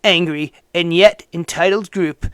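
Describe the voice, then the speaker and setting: A man putting on a lower voice to mock a hateful young male online ranter, reading his post slowly and with heavy, sneering emphasis. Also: fairly even intonation, smooth, dry recording, clean studio sound, lightly acted.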